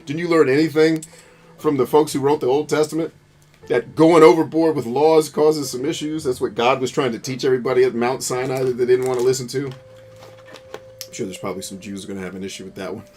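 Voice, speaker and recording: This gameplay commentator speaks a little fast in a mid-range, slightly mellow voice with fairly even intonation. His talk over the video game is rambling and philosophical, full of ranting and free swearing.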